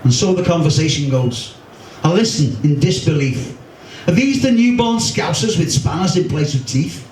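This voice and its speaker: Liverpool poet reciting comic rhymes live, slightly high voice, recorded from a distance in a reverberant room. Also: male voice, lively intonation, moderate pace, a little mellow. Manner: rhythmic, rhyming delivery with wry humour. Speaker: poet and performer. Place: pub function room. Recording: echoey room, distant mic, faint hum.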